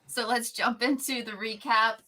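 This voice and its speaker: Woman host for a casual chat podcast, bright and upbeat, easy laugh. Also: fairly high pitch, steady tone, moderate pace. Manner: upbeat, chatty, laughs easily.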